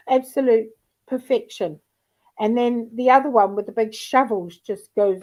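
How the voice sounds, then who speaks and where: A woman hosting a livestream in loose, casual chat. Her voice sits a little high, and she wanders through anecdotes with plenty of swearing and laughter. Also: lively intonation, slow, background noise. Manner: profane, rambling anecdotes with frequent laughter. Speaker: livestream host.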